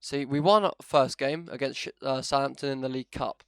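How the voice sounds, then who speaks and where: Man, gaming host, gravelly voice, dry close sound, chatty self-mocking commentary. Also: medium pitch, brisk, dry recording. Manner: chatty and self-mocking, swings into loud excitement. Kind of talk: video game commentary. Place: home setup, no camera.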